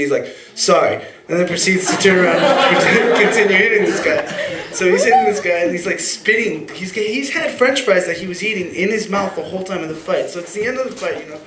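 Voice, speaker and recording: Casting: young man, slightly high voice, loose rambling live storyteller, echoey venue. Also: fairly bright tone. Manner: rambling, casual, many fillers and restarts. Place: live event venue with audience. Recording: echoey room with faint ambience.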